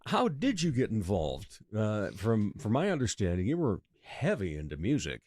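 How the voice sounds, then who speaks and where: A man hosting a local radio talk show, asking friendly questions and reacting quickly in a casual interview. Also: lowish voice, huge pitch swings, a little mellow, dry recording, studio quality.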